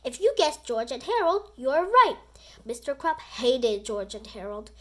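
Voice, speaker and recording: A woman reading a children's book aloud in an animated, expressive storytelling voice. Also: high-pitched, measured pace.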